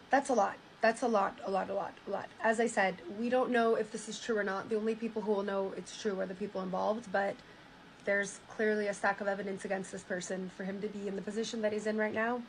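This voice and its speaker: A woman's voice: medium pitch, a little fast, slight background noise, low-quality recording. Woman streamer reading a story aloud. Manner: animated, reads quotes with stunned asides.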